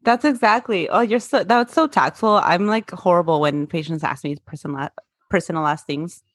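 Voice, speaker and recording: A woman's voice: on the low side, normal speed, no room sound. A young woman co-hosting a podcast, chatting bluntly and laughing as she recaps a TV show. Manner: laughing, blunt, swears casually. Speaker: podcast co-host. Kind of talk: casual chat recapping a TV show.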